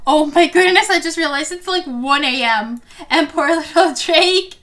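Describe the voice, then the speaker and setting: High-pitched gushing young woman gamer. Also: moderate pace, pushed and bright, raised voice. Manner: gushing, gasps often, repeats "oh my gosh". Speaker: gaming video host. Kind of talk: Sims let's play commentary.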